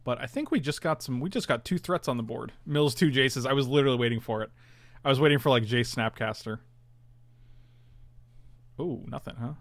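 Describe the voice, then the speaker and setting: A man's voice: mid-range voice, a little fast, long pauses, no echo. A man casually commentating his own online card game, chatty and self-mocking, groaning at his bad draws.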